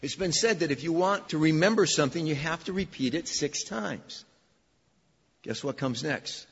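A man's voice: a little high, animated, normal speed, vocal fry, breathy edge. A man preaching a sermon from the pulpit, emphatic and repetitive for emphasis, with touches of dry humor. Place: church sanctuary. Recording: dull echoey church recording.

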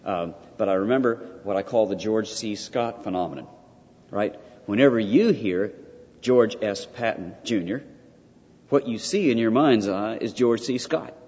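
An older man delivers a theology lecture in a fairly low voice, pressing his points with repetition and rhetorical questions. The recording is dull and lo-fi. A long reverb trails behind him, as in a large hall. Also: a little slow, a little mellow. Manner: emphatic, repeats key points, rhetorical questions.

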